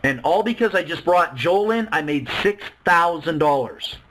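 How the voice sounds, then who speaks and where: A man giving an excited sales pitch to a webinar audience, full of rhetorical questions. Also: normal speed, slight background noise, rough recording. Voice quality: excitable, salesy, acts out quoted voices. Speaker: webinar presenter.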